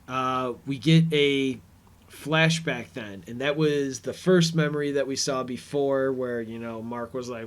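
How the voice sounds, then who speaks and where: Male podcast host, unhurried rambling recap, mid-pitched everyday voice. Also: steady tone, clear, resonant tone. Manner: rambling, retells scenes with paraphrased quotes. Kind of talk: casual episode recap commentary.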